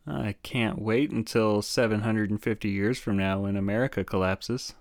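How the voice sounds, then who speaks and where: A man co-hosting a casual history podcast, trading deadpan jokes and wry asides. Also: lowish voice, normal speed, no echo, clean studio sound. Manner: deadpan joking banter. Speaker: podcast co-host.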